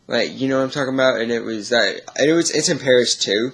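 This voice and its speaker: A man's voice: mid-range voice, fast talker, fairly bright tone. A man vlogging, telling a long story in a rambling, easily sidetracked way with chuckles. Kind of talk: casual storytelling.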